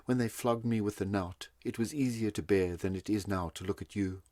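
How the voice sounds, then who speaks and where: A man's voice: lowish voice, brisk, a little mellow, no room sound, studio quality, close to an everyday voice. A man reading a story, voicing a remorseful male convict who pleads for forgiveness. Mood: pleading. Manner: pleading, broken.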